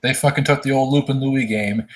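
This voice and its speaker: A man's voice: mid-range voice, steady tone, a little fast, a little hiss or hum, poor audio. A man co-hosting a podcast, blunt and scornful in casual chat. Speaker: podcast co-host.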